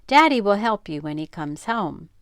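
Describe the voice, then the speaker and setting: An older woman reading the part of a calm, sensible mother who speaks patiently and firmly. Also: medium pitch, normal speed, clear, resonant tone, no echo, voice pushed up.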